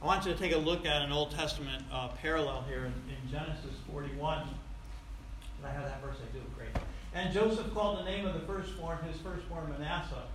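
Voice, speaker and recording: A male pastor preaching a sermon emphatically, with big swings in loudness. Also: fairly high pitch, fairly quick, slight background noise. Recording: echoey room.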